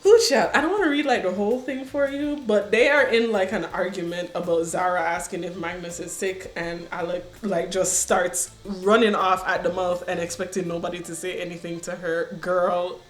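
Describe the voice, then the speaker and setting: A woman's voice: fairly low pitch, normal speed, hardly any pauses, reverberant, faint music behind. A woman casually chatting about a book she read, with slangy asides and frequent laughter. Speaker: book reviewer reading aloud.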